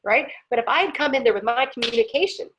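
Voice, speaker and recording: A woman's voice: on the high side, quick pace, a bit bright, breathy edge. A woman teaching a personal growth class in a casual, earnest way, acting out quotes and laughing often. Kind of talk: casual talk to a group. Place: home, pool outside her patio.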